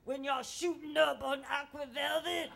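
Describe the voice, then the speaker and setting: A scrawny, strung-out hippie man leans in with drawling, eager curiosity, as a woman storyteller puts him on. His voice comes out fairly high. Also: fairly even intonation, moderate pace, gravelly, a bit bright, a little hiss or hum, exaggerated voice.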